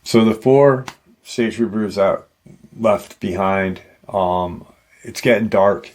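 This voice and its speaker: A man's voice: on the low side, slow pace, darkish tone. A man hosting a paranormal channel, casually retelling an encounter story in a rambling way with many "you know" asides.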